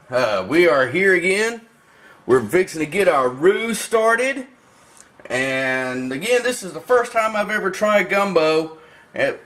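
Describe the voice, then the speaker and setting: Folksy man with a high voice. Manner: relaxed, folksy, talks viewers through each step. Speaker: host of a barbecue cooking channel. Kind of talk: casual cooking demonstration.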